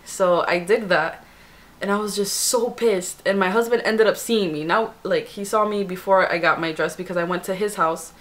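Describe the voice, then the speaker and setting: A woman's voice: medium pitch, moderate pace. Chatty young woman telling a story. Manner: chatty, animated retelling with many "like" fillers. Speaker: beauty vlogger. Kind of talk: casual storytime.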